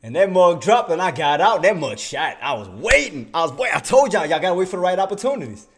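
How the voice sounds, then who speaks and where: Excitable man streaming day trades. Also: high-pitched, fast, husky. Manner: excitable, chatty, often laughing and answering chat; mutters to himself while searching his screen. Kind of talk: casual livestream trading commentary.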